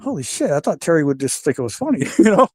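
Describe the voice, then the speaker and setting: An older man with a fairly high voice spins backstage stories in a relaxed, chatty way. He slips into the voices of the people he quotes and swears freely. His voice is recorded close and dry, with no room sound. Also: fast talker, no echo. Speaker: retired pro wrestler, guest. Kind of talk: casual storytelling interview.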